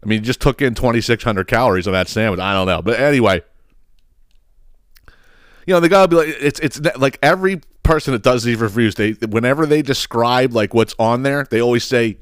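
A man with a mid-range voice hosts a solo podcast, ranting briskly and smoothly with heavy profanity and sarcastic, mocking impressions. The audio is clean studio sound with no room echo.

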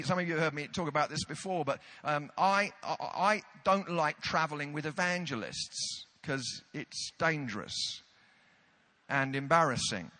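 A man's voice: a little high, bright, forceful tone. A British man preaching a sermon, telling a self-deprecating story with comic timing.

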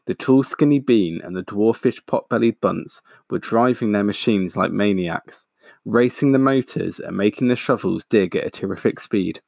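A man reading a children's picture book aloud, steady and expressive. His low voice has a gravelly fry, and the sound is dry and close. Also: normal speed, no echo. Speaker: storyteller.

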